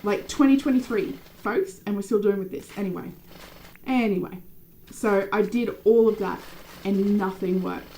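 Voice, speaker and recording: A young adult woman streaming a game, chatting casually with viewers by name and rambling through animated stories. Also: medium pitch, moderate pace, a little hiss or hum, rough recording. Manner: animated, rambling storytelling with many fillers. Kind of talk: casual live-stream chat.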